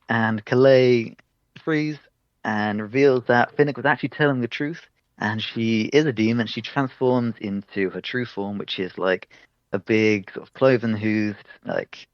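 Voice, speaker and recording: A man co-hosting a casual podcast, retelling a game's story with lively acted-out character lines and frequent laughter. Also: on the low side, clean tone, no room sound, muffled recording. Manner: animated storytelling, acts out characters, laughs often. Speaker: podcast co-host reviewing a game. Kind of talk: casual chat.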